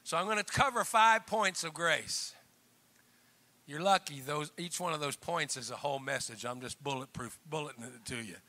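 A male pastor preaches a sermon at a moderate pace in a higher-pitched voice. He swings between loud, emphatic bursts and quiet, chuckling asides, calling out to the congregation.

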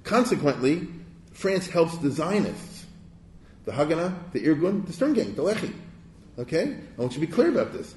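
A man's voice: fairly high pitch, very animated, normal speed, darkish tone. Digressive man lecturing in an echoey hall. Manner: conversational, with rhetorical check-ins; digressive, with restarts. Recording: echoey room.

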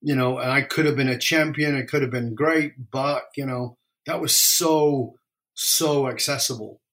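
A man's voice: mid-range voice, fairly even intonation, a little slow, fairly bright tone. Reflective man telling a personal story. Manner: emotional, reflective, varies pace widely.

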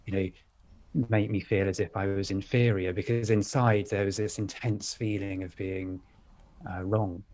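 A man with a polished upper-class English accent talks in a fairly low voice. He tells personal stories in a candid, reflective way. His talk is loose and unscripted, full of little pauses and fillers. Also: little pitch movement, a little mellow. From United Kingdom. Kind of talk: casual chat, storytelling.

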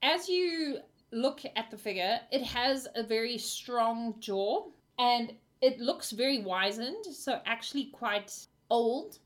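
A woman's voice: fairly high pitch, expressive, slow pace. A woman narrating as game master of a tabletop game, often laughing and apologizing.

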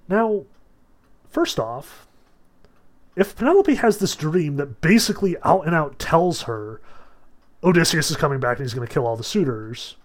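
A man's voice: a little high, very animated, normal speed, pauses often. A man giving a casual lecture and reading passages aloud, in a chatty, questioning style full of "like" and "you know". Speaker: literature teacher.

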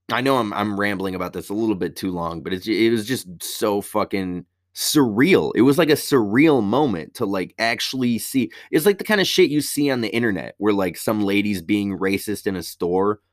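A man's voice: fairly low pitch, moderate pace, no room sound, clean studio sound. A man on a casual, rambling rant, heated and swearing heavily.

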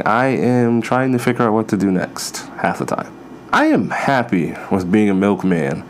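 Lowish-voiced man rambling on a podcast. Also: a little hiss or hum. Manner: rambling, profane storytelling with self-mocking asides. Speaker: podcast host. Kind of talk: casual comedic monologue.

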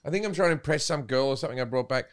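A man with an Australian accent telling loud, swear-filled anecdotes in casual podcast chat. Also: mid-range voice, very fast, slight background noise. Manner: loud, swearing, does silly voices in anecdotes. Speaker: podcast guest. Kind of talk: casual storytelling.

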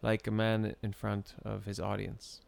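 A man telling a story in casual chat, animated and often breaking into laughter. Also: lowish voice, unhurried, gravelly.

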